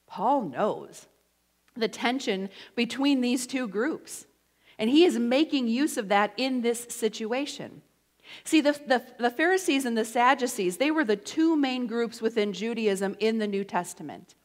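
Woman giving a sermon, kinda high voice, chatty and playful, echoey church hall. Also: measured pace. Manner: lively, conversational preaching with playful asides. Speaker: preacher. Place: church sanctuary.

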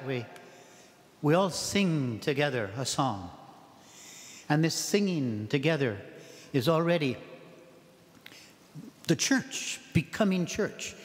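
Abbot preaching in a reverberant church. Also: male voice, mid-range voice. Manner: animated, acts out the prayers and the people in the pews. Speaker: abbot giving a parish mission talk. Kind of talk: sermon.

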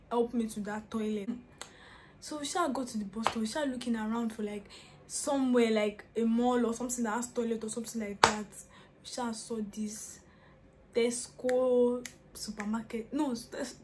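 A woman's voice: a little high, darkish tone, a little hiss or hum. A young woman tells a funny personal story in a casual vlog, laughing often and dropping into whispers. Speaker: vlogger.

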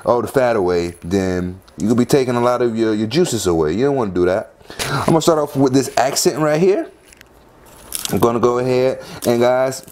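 A man hosting a home cooking video, talking casually and lively as he walks through each step. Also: a little hiss or hum. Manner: chatty, lively, punctuates steps with "boom".

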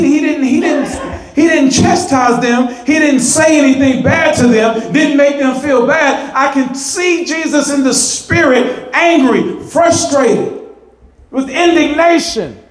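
A man with a high-pitched voice preaching in a church sanctuary. He is animated, repeating his words as he builds emphasis, and the voice rings out through a roomy, echoing space. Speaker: pastor. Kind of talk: sermon.

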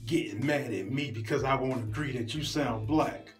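A man's voice: mid-range voice, moderate pace, roomy sound, faint music behind. A young man delivers an exasperated, profane comedic rant to camera, full of rhetorical questions. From Baltimore, USA.

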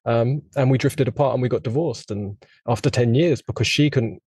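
Man, middle-aged, interview host, mellow tone, earnest, reflective, rambling. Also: medium pitch, normal speed, breathy edge, no echo. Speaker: podcast host. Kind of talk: casual interview conversation.

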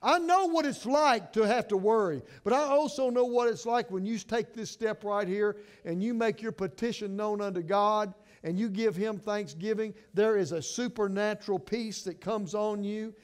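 A middle-aged man pastor preaching a sermon with passion, moving between hushed and emphatic and often restarting words. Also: high-pitched, moderate pace, hardly any pauses, clear, resonant tone.

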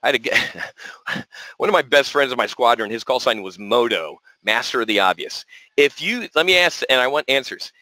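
A man hosting a live options trading webinar, talking in an energetic, folksy way and repeating words for emphasis. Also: mid-range voice, brisk, no room sound, poor audio. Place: resort room.

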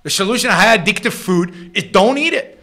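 A man's voice: sits high, expressive, brisk, sharp tone. A middle-aged man with an Israeli accent hosting his own show, answering listener questions in emphatic, unscripted commentary full of repeats and restarts.

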